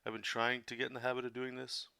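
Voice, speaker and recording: A man, a comic artist, chatting casually and somewhat monotonously while he explains drawing steps, rambling with many fillers. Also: mid-range voice, fast, gravelly, clean tone, no room sound. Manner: monotone delivery. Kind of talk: casual drawing tutorial chat.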